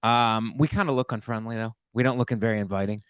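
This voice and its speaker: A man co-hosting a comedy podcast, chatting casually and getting loud and shouty when riffing. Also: medium pitch, quick pace, clean tone, no echo. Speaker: podcast co-host.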